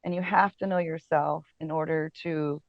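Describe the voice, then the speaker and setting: A chatty woman guest tells stories in a loose, easygoing way, full of fillers and quick laughs. Her voice sits at a middle pitch. The sound is dry and a little dull, as on a modest podcast setup. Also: steady tone, no echo. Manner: chatty storyteller, many fillers, laughs often. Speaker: casting director and podcast guest. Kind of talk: casual interview chat.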